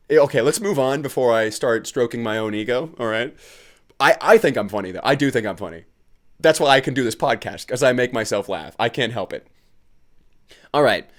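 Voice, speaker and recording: A tired man talks alone into his podcast mic, drifting from one tangent to the next. He mocks himself and laughs at his own jokes, and his pitch jumps around animatedly. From United States. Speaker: podcast host. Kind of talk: casual solo podcast chat.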